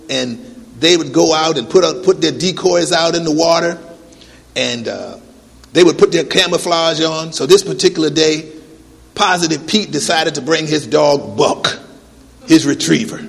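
A man's voice: fairly high pitch, creaky, a bit bright. A man preaching a sermon, telling a story and asking emphatic rhetorical questions. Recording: long hall reverb.

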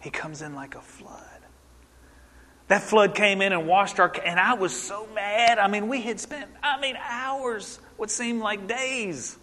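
Bright-voiced male preacher in a hall. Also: high voice, unhurried, few pauses. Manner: animated storytelling, asks the audience questions. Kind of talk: sermon.

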